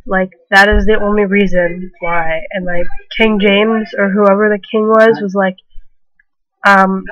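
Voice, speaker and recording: A woman's voice: medium pitch, flat delivery, a little slow, pauses often, fairly bright tone, low-quality recording. A young woman retelling history as a rambling, filler-heavy comedy bit, full of casual slang. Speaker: comedic narrator.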